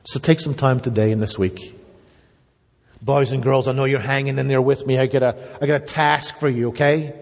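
A man's voice: mid-range voice, fairly even intonation, moderate pace, creaky. A man preaching a sermon, earnest and emphatic, turning at times to speak directly to the children. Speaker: pastor. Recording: long reverb of a church hall.

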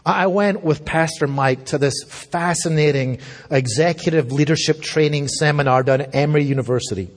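A man preaching a sermon-style Bible lesson in a casual, animated way, full of asides to his listeners. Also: a little high, a little fast, long reverb tail. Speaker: pastor teaching a school discipleship class.

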